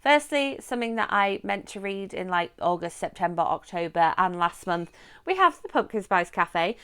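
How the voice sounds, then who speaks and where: A woman vlogging about books from home, chatting casually and rambling before bursting into excited squeals. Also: mid-range voice, normal speed, clean tone. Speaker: book vlogger. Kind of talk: casual chat to camera. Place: home room.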